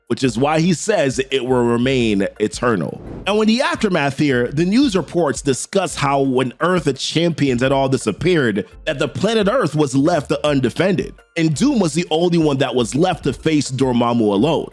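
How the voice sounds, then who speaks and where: Brief: casual male recap narrator, fairly high, lively pitch, faint music under. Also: moderate pace, few pauses. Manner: chatty, repeats "here" and "he's like", addresses viewers as guys.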